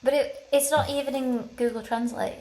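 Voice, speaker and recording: A woman co-hosting a podcast, chatty and quick to giggle in a casual travel chat. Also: high voice, fairly even intonation, a little mellow. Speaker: podcast co-host.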